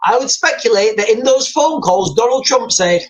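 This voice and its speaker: A man's voice: very high voice, expressive, normal speed, low-quality recording. A man hosting a live news commentary stream. He rambles, repeats himself, speculates aloud and reads viewer comments and headlines off the screen.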